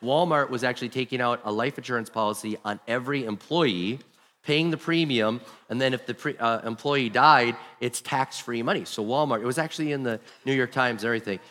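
A man's voice: medium pitch, fairly quick, fairly bright tone, in a large hall. A man preaching a sermon as pastor, telling stories and acting out the people he quotes. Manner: storytelling, acts out quoted people.

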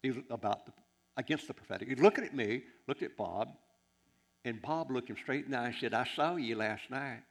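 A man preaching in a storytelling sermon, full of asides and restarts. He drops low and soft for side comments, then climbs high and loud when the story peaks. His voice sits at an ordinary middle pitch for a man. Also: fairly quick, creaky, slightly rough. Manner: animated, rambling storyteller with laughs and asides.

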